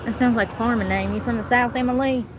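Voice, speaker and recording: A woman's voice: fairly high pitch, fairly even intonation, fast. A woman in her forties talking bluntly and candidly on a casual walking vlog as she walks along a road, swearing freely and filming on a handheld phone. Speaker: vlogger. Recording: loud traffic noise outdoors. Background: passing cars and street noise.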